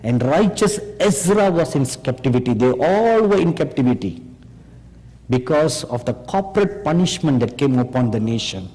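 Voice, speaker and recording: A man preaching a sermon slowly and emphatically, pressing the audience with rhetorical questions. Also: medium pitch, lively intonation, dark tone. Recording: long hall reverb.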